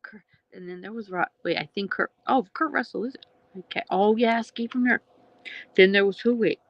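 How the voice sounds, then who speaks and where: A woman's voice: medium pitch, fairly quick, dry recording, highs cut off. A woman hosting a casual livestream, rambling between thoughts, laughing often and swearing freely. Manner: laughs often, swears, trails off mid-sentence. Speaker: livestream host.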